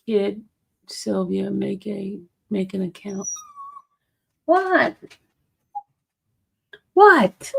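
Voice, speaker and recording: A woman's voice: mid-range voice, creaky, a little mellow. A woman chatting casually with her viewers and teasing her dog with playful questions.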